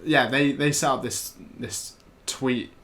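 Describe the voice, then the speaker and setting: A man co-hosting a casual podcast, tossing out offhand jokes. His talk is loose and chatty, stumbling through fillers and quick restarts as he riffs with his co-host. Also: mid-range voice, fairly even intonation, a bit bright. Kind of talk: casual chat.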